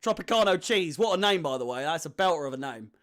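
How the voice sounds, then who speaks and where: A young man hosting a live football watch-along, chatting with viewers and getting excitable at chances. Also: on the high side, fast talker. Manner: excitable, shouts and laughs at chances. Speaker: fan watch-along host.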